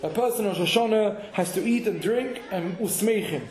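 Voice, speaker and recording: A man giving a halachic lesson to a class, halting and repeating words as he mixes in Hebrew and Yiddish terms. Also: sits high, darkish tone. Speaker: Torah teacher. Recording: echoey room.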